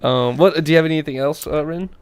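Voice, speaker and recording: A man's voice: on the high side, fast talker, clear, resonant tone, dry recording. A young man telling stories in casual podcast chat, with lots of slang and acted-out quotes. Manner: animated storytelling, acting out quotes. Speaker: podcast co-host.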